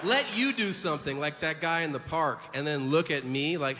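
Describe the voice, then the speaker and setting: A man tells stories on stage in a brash, profane, animated stand-up set. His voice sits a little high for a man. The sound rings out in a big hall, with steady noise underneath. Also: normal speed, hardly any pauses. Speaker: stand-up comedian. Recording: echoey live hall with noise.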